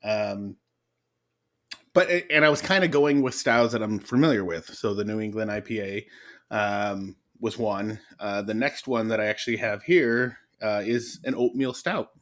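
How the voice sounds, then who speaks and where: A man's voice: fairly low pitch, moderate pace. A man co-hosting a casual podcast chat, joking around with playful asides. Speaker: podcast co-host.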